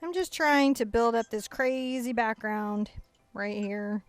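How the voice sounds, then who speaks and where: A woman's voice: a little high, slow pace, no echo. A woman hosting a live painting tutorial, chatty and playful, guiding step by step. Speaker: painting instructor and host. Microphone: new headset-style mic.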